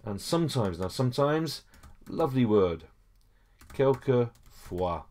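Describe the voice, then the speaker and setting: A man's voice: on the low side, expressive, moderate pace, a little mellow. A man teaching a French lesson over a screen recording, explaining each step patiently with frequent okays and small hesitations.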